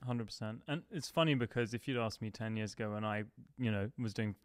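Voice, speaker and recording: A man's voice: fairly low pitch, fairly quick, smooth, no room sound, clean studio sound. Enthusiastic man, a producer guest. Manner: enthusiastic, repeats words when excited. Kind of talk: casual podcast conversation. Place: room in Nashville.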